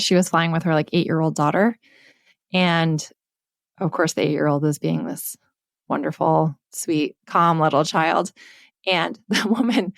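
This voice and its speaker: A woman with a slightly low voice tells a story on a podcast, frank and animated, and she swears casually. The sound is dry and close, with no room echo. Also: vocal fry. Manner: candid, swears freely, animated retelling. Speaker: podcast co-host.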